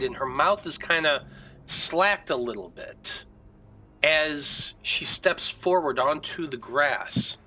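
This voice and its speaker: A man's voice: fairly high pitch, sharp tone, slight background noise, low-quality recording. A man narrating a tabletop game as game master, describing scenes vividly.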